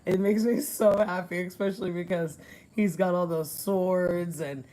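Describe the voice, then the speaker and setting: Chatty woman livestream host, low voice, laughs easily, outdoors at home on a phone stream. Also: fairly even intonation, measured pace, warm tone. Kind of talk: casual live chat, reading viewer comments.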